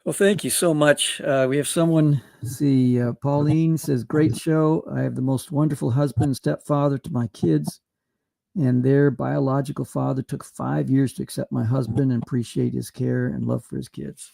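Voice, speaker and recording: A man hosting a podcast interview, asking questions slowly and thanking his guest. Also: mid-range voice, steady tone, creaky, dark tone, no echo. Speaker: podcast host. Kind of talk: interview talk.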